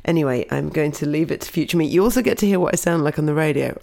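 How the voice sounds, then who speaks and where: Chatty giggly woman hosting her own show, bit of fry in her voice. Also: low-pitched, fast talker, hardly any pauses, darkish tone. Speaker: podcast host. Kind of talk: casual storytelling introduction.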